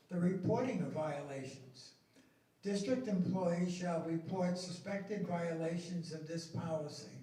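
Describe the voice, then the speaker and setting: A middle-aged man presenting policy at a school board meeting, slow and emphatic, stressing key words. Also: on the high side, mellow. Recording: echoey meeting room from far off.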